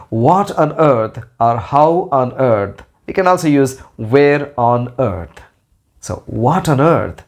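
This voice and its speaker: A man teaching an English lesson. He speaks carefully, repeats each example sentence slowly for learners, and makes small grammar slips. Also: medium pitch. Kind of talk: slow explanatory lesson.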